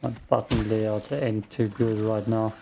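A man giving calm, slow gameplay commentary, thinking out loud, with a gravelly morning voice. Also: on the low side, noisy background. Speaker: game streamer.

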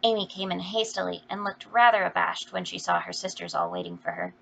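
A woman reading a classic novel aloud as an audiobook, in a steady storytelling delivery. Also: fairly low pitch, a little fast, gravelly, slight background noise. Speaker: audiobook reader. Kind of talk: scripted narration. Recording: dull lo-fi recording.

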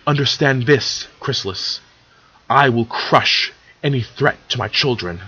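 A man playing an elder pony queen who speaks formally and with measured sternness, a little lower and softer than his usual voice. The tone is husky, and the lo-fi recording sounds dull. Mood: stern. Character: elder female pony ruler, calm and stern.

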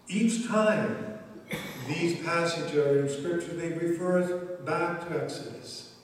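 A male pastor delivers a sermon at an unhurried, measured pace, leaning on pauses for emphasis. His somewhat high voice rings through a big, echoey church hall with a long reverb tail. He sounds set back from the mic. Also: recorded from a distance. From Canada. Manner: slow, deliberate preaching with emphatic pauses. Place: church sanctuary.

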